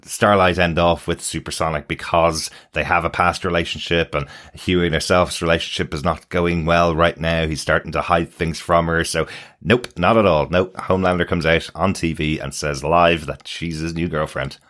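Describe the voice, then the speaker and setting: A British man co-hosting a podcast, his voice low and deep. He chats with easy enthusiasm and leans into agreement. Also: steady tone, a bit bright. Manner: enthusiastic, agreeable, quick to say absolutely. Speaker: podcast co-host. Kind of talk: casual chat.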